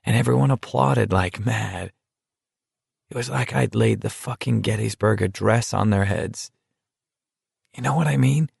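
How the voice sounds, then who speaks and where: A man voicing an earnest teenage boy in a deadly walking contest, speaking in a confiding, rambling, quietly hurt way. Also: on the low side, unhurried, vocal fry, long pauses, breathy edge, no echo, clean studio sound, exaggerated voice.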